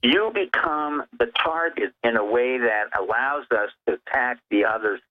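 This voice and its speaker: This is a man's medium-pitched, creaky voice, very animated and moderately paced, coming through a tinny telephone connection. He is a phone-in guest giving emphatic political commentary, lecturing as he goes through his arguments point by point.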